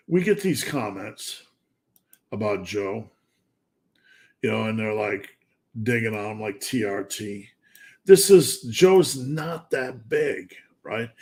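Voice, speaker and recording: A man's voice: medium pitch, gravelly. A man hosting a live fitness Q&A stream, chatting casually and asking himself rhetorical questions.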